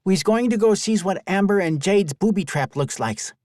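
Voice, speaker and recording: A man's voice: animated, moderate pace, darkish tone, no room sound, clean studio sound. A man doing a serious, curious little boy. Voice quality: high childlike voice, toddler grammar.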